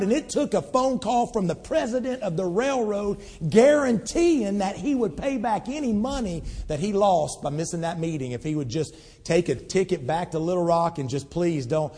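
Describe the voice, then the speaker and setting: Folksy pastor in an echoing church. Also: male voice, high-pitched, animated, moderate pace, hardly any pauses, slightly rough. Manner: folksy storyteller, swings from loud outbursts to hushed pleading. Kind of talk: sermon. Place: church sanctuary. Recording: long hall reverb.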